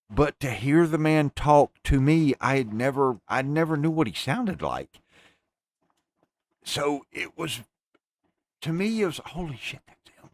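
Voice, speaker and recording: A man hosting a podcast, talking emphatically in a casual, ranting way and swearing freely as he speaks to his listeners. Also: mid-range voice. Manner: addresses listeners as folks. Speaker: podcast host. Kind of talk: casual chat.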